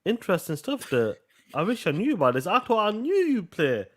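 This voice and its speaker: A man's voice: high-pitched, fairly quick. Dude co-hosting a gaming podcast, hyped, lots of ups and downs in his voice. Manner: excited, slangy banter. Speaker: podcast co-host. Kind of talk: casual gaming podcast chat.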